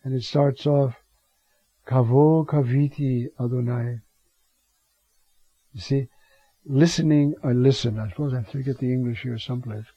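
A man's voice: mid-range voice, steady tone, a little fast, dark tone, slightly rough, no echo. A man preaching on scripture, digressive, with rhetorical asides and Hebrew words. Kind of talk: scripture teaching sermon. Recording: dull lo-fi recording.

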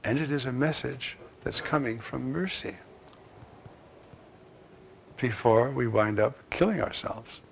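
A man preaching a sermon, swinging from loud, emphatic lines to hushed asides. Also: medium pitch, a little slow, vocal fry, long pauses, a little hiss or hum.

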